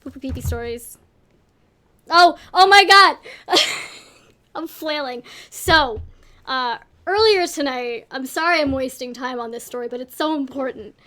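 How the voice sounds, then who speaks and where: High-voiced woman telling stories rambly. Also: normal speed. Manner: rambling, self-deprecating, animated. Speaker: panel co-host. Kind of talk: casual storytelling panel.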